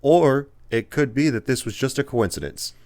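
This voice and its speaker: A man's voice: medium pitch, lively intonation, moderate pace, a little mellow, no room sound. A man co-hosting a casual movie review podcast, retelling scenes with lots of "and then he goes like.". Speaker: podcast co-host.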